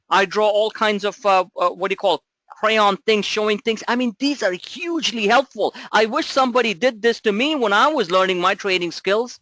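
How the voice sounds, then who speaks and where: Here a man with a high, slightly bright voice coaches traders in a live market commentary webinar, with no room sound in the recording. He talks bluntly and emphatically, throwing out rhetorical questions and casual swearing.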